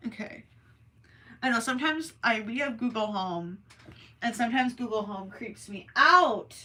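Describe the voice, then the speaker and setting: A woman's voice: a little high, expressive. A young woman hosting a crochet livestream, chatting casually and reading messages from the chat in a rambling, self-deprecating way. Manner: slow, rambling and self-deprecating, with soft asides.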